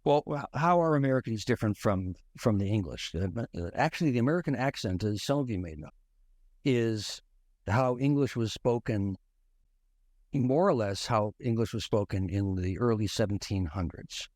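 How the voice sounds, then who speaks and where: A man's voice: lowish voice, lively intonation, normal speed, darkish tone, dry recording, studio quality. A man who is a guest on a history podcast, explaining in a thoughtful way with frequent restarts. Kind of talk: conversational history discussion.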